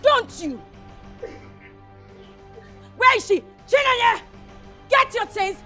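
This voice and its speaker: An actress playing an arrogant young princess who hurls scornful insults, with a Nigerian accent. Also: female voice, very high voice, animated, takes it slowly, pushed and bright, reverberant, faint music behind, full character voice. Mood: furious.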